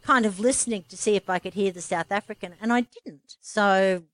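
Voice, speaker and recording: An Australian woman co-hosting a podcast, chatting casually in an animated, jokey way. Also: medium pitch, fairly quick, dry recording. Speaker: podcast co-host, comedian. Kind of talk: casual chat.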